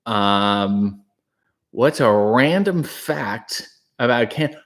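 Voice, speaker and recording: A Canadian man hosting a live stream, reading chat aloud and joking in a breathy, hushed way, close on a new microphone. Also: medium pitch, lively intonation, very slow. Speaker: livestream host reading chat. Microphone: new studio microphone.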